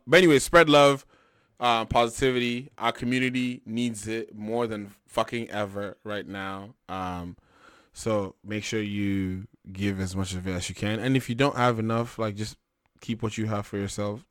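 A young man hosting a casual talk show, laid-back and animated, with plenty of slang and fillers. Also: lowish voice, normal speed, smooth, no room sound, studio quality. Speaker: podcast host. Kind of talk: casual chat.

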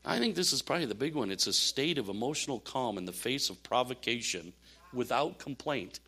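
An older man preaching a sermon, telling animated stories with laughs and asides. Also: medium pitch, brisk, breathy edge. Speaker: pastor.

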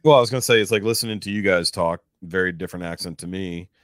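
A man's voice: low-pitched, fast talker, no room sound, studio quality. A man from Texas hosting a podcast, chatting in an easygoing, rambling way without a regional twang. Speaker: podcast host. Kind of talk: casual chat.

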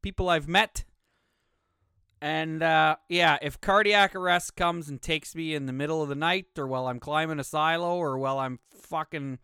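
A man's voice: a little high, a bit bright, smooth, dry recording, studio quality. Profane, rambling young male podcast host. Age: young adult. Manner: casual, profane, rambling, self-mocking. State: slightly out of breath. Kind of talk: solo podcast monologue. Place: home studio room.

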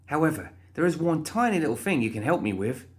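A man's voice: a little high, sing-song, quick pace, pitched above the performer's own voice. A man voicing a cheerful, prim undead young woman, talking in a chirpy, sweetly indignant way in a storybook reading.

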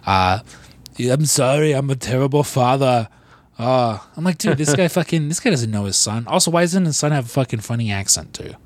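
A man co-hosting a podcast, talking in loose, profane, rambling banter with quick mock voices. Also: medium pitch, sing-song, no room sound. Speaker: podcast co-host.

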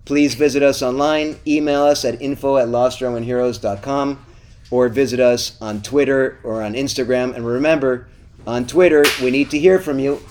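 A man's voice: medium pitch, steady tone, moderate pace, darkish tone, slight background noise. Middle-aged male podcast co-host, casual sign-off, eager and pleading. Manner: upbeat, pleading with listeners.

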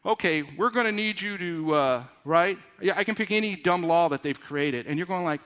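A man preaching a lively sermon, with announcer-style bursts and quiet asides. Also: high-pitched, moderate pace. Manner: drops to quiet, intimate tones. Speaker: pastor.

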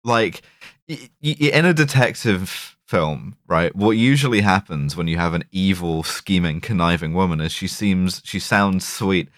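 A man's voice: sits low, unhurried, no room sound. Male podcast co-host, casual jokey delivery, dead-dry recording. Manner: jokey, animated retelling of scenes. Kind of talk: casual chat.

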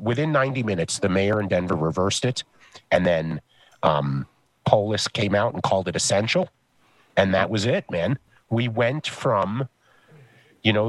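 Man, casual podcast talk, animated storytelling, dead-dry close sound. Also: mid-range voice, dry recording. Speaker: podcast co-host. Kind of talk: casual chat.

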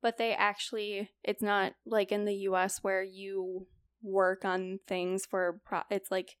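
A young woman with a clear, resonant, medium-pitched voice speaks a little slowly in a level tone, recorded clean in a studio with no room sound. Presenting a report as a podcast co-host, she chats casually, quoting dialogue in her stories and saying "like" a lot.

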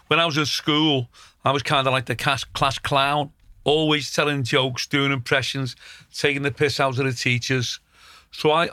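Scouse comedian guy, middle-aged, gravelly edge, swears a lot, chatting. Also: medium pitch, sharp tone, no echo, clean studio sound. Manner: blunt, swearing storyteller. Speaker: comedian, podcast co-host. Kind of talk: casual chat.

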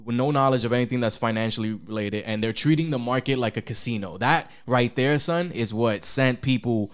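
Animated, profane man on a podcast. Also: fairly quick, clean tone. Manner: animated, profane, swings pitch when quoting. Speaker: podcast co-host. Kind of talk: casual podcast chat.

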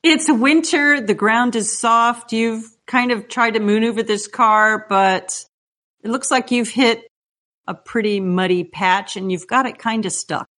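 A woman running a tabletop horror game as game master, narrating scenes in calm, descriptive second person. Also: fairly high pitch, a little slow.

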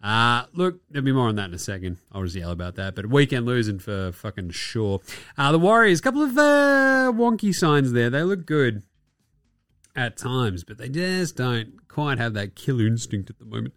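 A man's voice: mid-range voice, animated, moderate pace, fairly bright tone, no room sound, clean studio sound. A man hosting a podcast, ranting about basketball with profanity and sarcasm. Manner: profane, sarcastic, with mocking put-on quotes. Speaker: podcast host. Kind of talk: ranting sports commentary.

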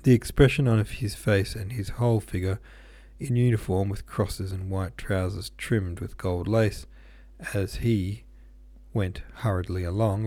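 A man's voice: lowish voice, dark tone, dry recording. A man reading a classic novel aloud, unpolished, with small slips and asides. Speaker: audiobook reader.

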